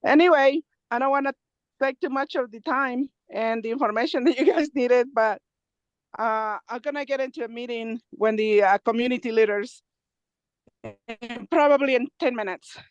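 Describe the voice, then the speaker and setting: A nonprofit co-founder gives a remote update over a video call on her phone from outdoors in the mountains. She is out of breath, laughs often, and talks in halting bursts in a voice on the high side. The audio is dull and lo-fi, with no echo.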